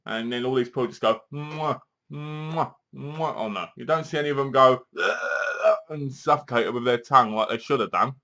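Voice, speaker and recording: Animated man retelling a movie. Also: mid-range voice, fast talker, few pauses. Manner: animated retelling, acting out lines from the film. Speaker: movie reviewer. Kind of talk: casual movie review.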